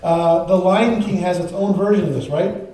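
A Canadian male pastor prays and then preaches in a conversational style, frequently restarting and adding asides. His voice is high and dark in tone, at a moderate pace, with slight hiss or hum. He's captured from a distance in a very echoey church sanctuary.

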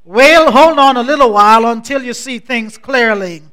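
A man's voice: extremely high pitch, smooth. A man preaching a sermon as pastor, building through repeated refrains that rise in a preaching cadence. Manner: repetitive, rising preaching cadence; measured, soft-spoken scripture introduction.

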